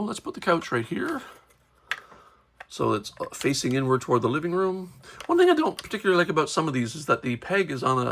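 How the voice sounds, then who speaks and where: A man's voice: mid-range voice, gravelly, sharp tone. A man giving chatty, rambling commentary while unboxing toys, often correcting himself mid-sentence. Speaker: toy reviewer.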